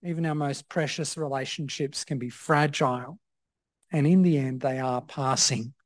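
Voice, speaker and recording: A man preaching a sermon as pastor, measured and reflective, with frequent "uh" fillers. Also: medium pitch, steady tone, no echo, clean studio sound.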